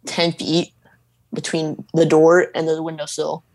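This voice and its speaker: A man guesting on a casual podcast, talking haltingly with frequent "um"s. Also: on the high side, monotone, a little mellow. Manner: hesitant, halting with "um".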